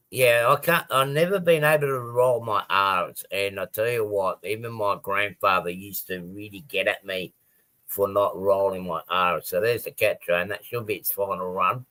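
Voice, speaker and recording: A man's voice: fairly low pitch, steady tone, a little slow, bright, forceful tone. A man chatting casually on a live stream about his model railway, rambling with many ums and restarts.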